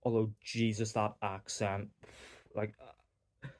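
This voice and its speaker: A man's voice: on the low side, flat delivery, takes it slowly. A young man with a Northern Irish accent giving a casual, rambling movie review, full of fillers and wry asides. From Northern Ireland. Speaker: film reviewer.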